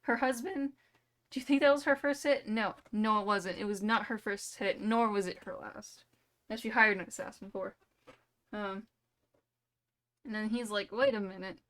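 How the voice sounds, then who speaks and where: A woman's voice: medium pitch, moderate pace, pauses often, fairly bright tone. A woman streamer spinning a playful, dramatic, rambling story in casual livestream chat.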